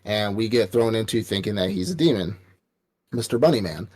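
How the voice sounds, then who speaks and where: Laid-back, low-voiced man recapping an anime. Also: animated, brisk, a little mellow. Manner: rambling, profane storytelling with acted quotes. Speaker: podcast co-host. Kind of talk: casual anime review chat.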